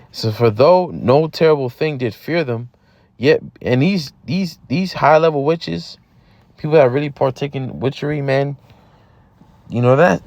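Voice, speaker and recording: This male camp teacher has a mid-range, slightly mellow voice, captured in a dry recording. He teaches scripture in a relaxed street style, repeating himself and dropping "man" at the ends of lines. He sounds casual throughout and says "man" often.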